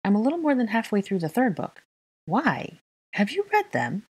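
A woman's voice: mid-range voice, sing-song, moderate pace, a little mellow, breathy edge, voice pushed up. A woman voicing an earnest, timid young woman who tends to ramble, in a fan fiction reading.

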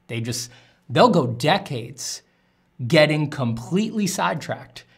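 A man's voice: fairly high pitch, animated, unhurried, vocal fry, slightly rough. A man, an artist streaming while drawing, answering chat questions in a candid, rambling way with casual swearing.

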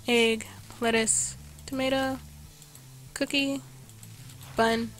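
A woman's voice: fairly high pitch, flat delivery, takes it slowly, a bit bright. A woman giving casual let's-play commentary, chatting to game customers as she fills their orders, her voice a little worn. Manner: chatty, reads out orders to customers while playing. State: losing her voice. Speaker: gameplay video host. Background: game music.

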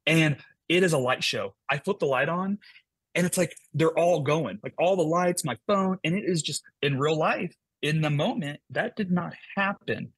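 A man guest on a podcast tells an excitable story, and his voice leaps upward at the dramatic moments. His tone is husky and slightly breathy. The sound is close and dry. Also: normal speed, no room sound. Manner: animated storyteller, big pitch jumps. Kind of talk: casual podcast conversation.

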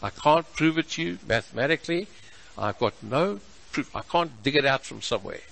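A man preaching a sermon as pastor, measured and emphatic, stretching out his key words. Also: mid-range voice, lively intonation, creaky, fairly bright tone, poor audio. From South Africa.

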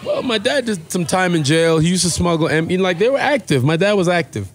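A man's voice: sits high, fast talker. A man in his thirties with a mixed American and South African accent, chatting casually as a podcast guest and telling stories in a loose, rambling way. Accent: mid-Atlantic mix of American and South African. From born in South Africa, raised in the US. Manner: relaxed, rambling storyteller with many fillers. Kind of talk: casual interview chat. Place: podcast studio.

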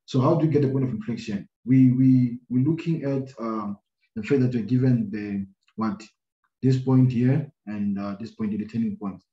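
A man's voice: mid-range voice, normal speed. Lo-fi, roomy man explaining maths. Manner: thinking aloud, many fillers and repeated "right?". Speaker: maths teacher. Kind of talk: screen-recorded maths lesson. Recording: roomy, dull lo-fi sound.

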